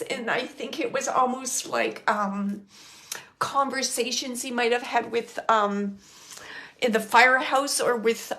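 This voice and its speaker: A middle-aged woman medium speaking to a live audience in a slightly higher voice. She talks with feeling, sometimes close to tears, and leans hard on the phrases she passes along. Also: a bit bright. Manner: emotional, tearful at times, relaying quotes with emphasis. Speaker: psychic medium.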